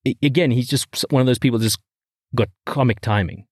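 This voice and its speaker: A man's voice: medium pitch, fairly quick, a little mellow, no echo, clean studio sound. A married man co-hosting a podcast, chatting casually about old comedy movies, rambling and laughing at his own stories. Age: adult, married. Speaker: podcast co-host. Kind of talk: casual chat.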